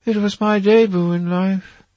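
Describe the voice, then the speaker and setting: A man voicing a playful, teasing high-born lady in a dramatic reading. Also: steady tone, measured pace, no room sound, lo-fi sound. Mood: wistful banter. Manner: high, lilting and arch.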